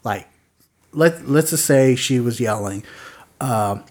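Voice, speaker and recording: A man's voice: mid-range voice, lively intonation, a little slow, darkish tone. A man hosting a casual podcast, telling stories in a rambling way with lots of fillers and chuckles. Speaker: podcast host.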